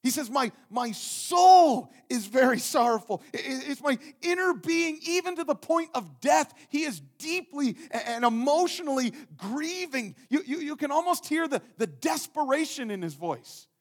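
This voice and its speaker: A man preaching a sermon in an earnest way, swinging from loud, emphatic bursts down to hushed, soft passages. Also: very high voice, lively intonation, moderate pace, hardly any pauses. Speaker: pastor.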